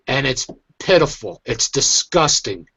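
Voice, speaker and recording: A man's voice: mid-range voice, sing-song, measured pace, vocal fry, pushed and bright, slightly rough, no echo. A man hosting his own online show, venting in an agitated, emphatic rant. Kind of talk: angry ranting commentary.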